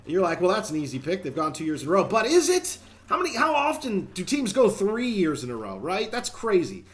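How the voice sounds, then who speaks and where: Chatty man rambling over gameplay. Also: on the high side. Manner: chatty, rambling, talks straight to viewers. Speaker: gaming channel host. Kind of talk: casual gameplay commentary.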